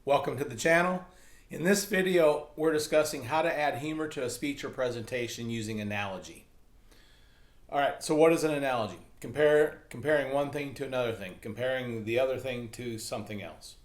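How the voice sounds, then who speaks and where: A man's voice: mid-range voice, brisk. Upbeat joking man in an echoey room. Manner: upbeat, jokey, self-deprecating asides. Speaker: comedy and speaking coach. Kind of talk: casual instructional talk to camera.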